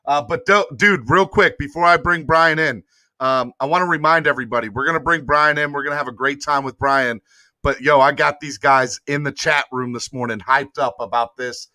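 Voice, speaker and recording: Animated, bright-voiced male sports podcast host. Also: a little high, fairly quick, no echo, clean studio sound. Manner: animated, slangy, begs viewers for likes. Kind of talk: casual sports talk livestream.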